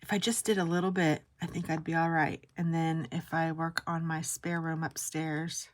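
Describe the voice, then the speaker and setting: A middle-aged woman vlogger talks casually through her day and tells a story. She is animated and keeps breaking into exclamations. Her voice sits a little low, and the recording is dry and close. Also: normal speed, no echo.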